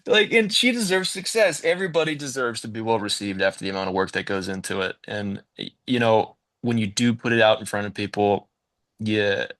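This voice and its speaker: A man's voice: on the low side, a little fast. A man, a musical theater actor, telling backstage stories in a casual interview with lots of energy and acted-out quotes. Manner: animated storyteller, acts out quotes, says "man" and "like".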